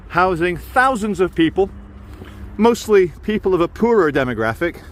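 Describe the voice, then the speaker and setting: A man's voice: sits high, slight background noise. A man filming a walking vlog outdoors in a city, giving jokey, chatty tour-guide commentary. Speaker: vlogger.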